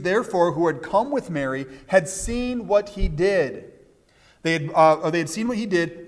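A man preaching a sermon as pastor, animated, stumbling over restarts and acting out the quoted voices. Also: a little high. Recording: long hall reverb.

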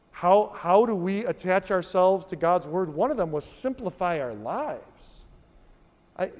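A male pastor preaching a sermon in an animated way, repeating key phrases for emphasis. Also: high voice. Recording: long hall reverb.

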